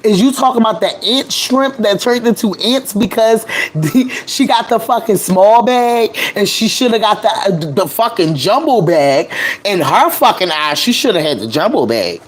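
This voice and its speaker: A woman's voice: medium pitch, expressive, normal speed, husky. A woman with a nasal voice hosting a live stream of casual celebrity gossip, brash and profane, laughing often. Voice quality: nasal, allergy-stuffed voice.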